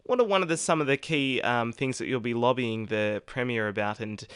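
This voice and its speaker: A man's voice: mid-range voice, fairly quick, a bit bright, clear, resonant tone, no echo. A man interviewing a guest on radio, asking friendly, hesitant questions.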